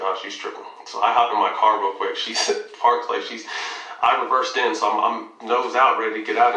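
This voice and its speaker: A man's voice: fairly low pitch, echoey room, distant mic, low-quality recording. A man casually telling a long personal story, swearing freely and acting out the dialogue. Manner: profane, animated retelling with quoted dialogue. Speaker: guest telling his story.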